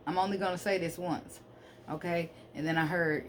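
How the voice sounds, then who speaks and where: A woman with a fairly low voice reads cards for her viewers in a loose, chatty way. She talks bluntly and with sass, and she keeps tacking "okay?" onto her points. A faint hiss sits under the recording. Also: brisk. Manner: emphatic, keeps checking in with "okay?"; blunt, sassy straight talk. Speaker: spiritual card reader. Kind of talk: casual tarot reading to camera.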